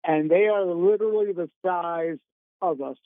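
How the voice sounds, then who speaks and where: Polite caller on a tinny phone line. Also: male voice, high voice, moderate pace, no room sound. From North Carolina. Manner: polite, folksy, says "sir". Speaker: radio caller. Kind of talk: casual phone-in chat.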